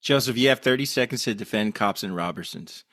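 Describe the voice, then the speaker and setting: A man hosting a casual podcast chat, steering the talk with questions and measured commentary. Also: fairly low pitch, a bit bright, no room sound. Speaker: podcast host leading the questions.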